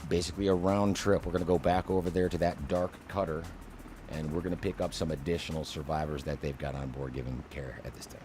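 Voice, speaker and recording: A flight sim channel host runs a co-op flight simulator session, chatting with his co-pilot and enthusiastically explaining missions. His voice is a rumbling low, fast, with fairly even intonation, heard over music.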